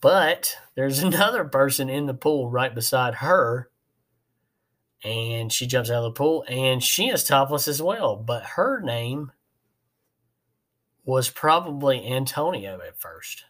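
A man's voice: mid-range voice, expressive, slow pace, a bit bright. A man hosting a podcast, telling a work story in a rambling, folksy way with many fillers. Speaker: podcast host, HVAC technician. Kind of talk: casual storytelling.

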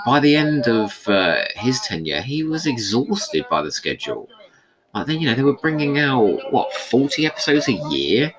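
A man's voice: low-pitched, a bit bright, low-quality recording. A man giving a casual, rambling commentary on an old episode, thinking aloud as he goes.

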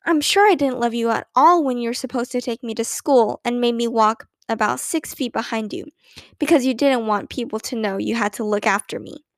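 A woman's voice: on the high side, normal speed, no echo, clean studio sound, close to an everyday voice. A woman voicing a playful grown-up aunt who recalls childhood mischief in a storybook reading. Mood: amused.

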